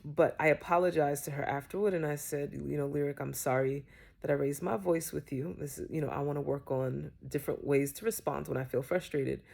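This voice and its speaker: A woman's voice: sits low, steady tone, vocal fry, darkish tone, slightly rough. A woman telling a personal parenting story in a casual, chatty way with many fillers. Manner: unhurried, chatty with frequent fillers. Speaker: parenting creator.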